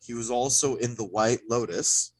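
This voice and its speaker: A man's voice: medium pitch, moderate pace. A man hosting a casual podcast, playful and joking, introducing the guest. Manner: playful, jokey, laughs often. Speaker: podcast host. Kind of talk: casual chat.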